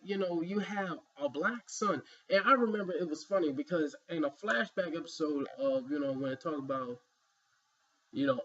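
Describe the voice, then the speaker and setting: A man's voice: a little high, a bit bright, lo-fi sound, a little hiss or hum. A man giving an emphatic, rambling opinion commentary, filled with "you know" asides. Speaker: vlogger.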